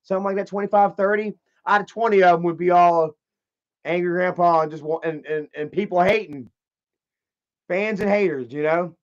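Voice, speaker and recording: A man's voice: sits high, steady tone, moderate pace, muffled recording. A man telling a story in a casual, profane, rambling rant, often repeating himself. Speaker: channel host.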